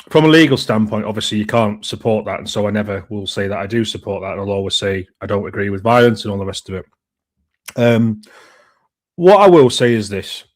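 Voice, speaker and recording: A man, co-hosting a political live stream, speaking in a measured, deliberate way with emphatic rises. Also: lowish voice. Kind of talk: political commentary.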